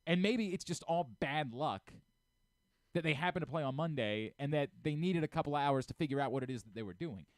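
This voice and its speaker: A middle-aged man hosting a sports radio show, ranting about football with rapid swings between low muttering and shouted outbursts. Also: animated, no echo. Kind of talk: opinionated sports talk. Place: radio studio.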